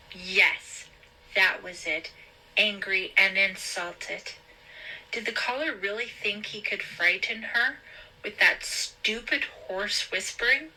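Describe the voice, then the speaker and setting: A woman hosting a show, reading a thriller novel aloud in a slow, deliberate storybook style. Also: lowish voice, pushed and bright, rough recording.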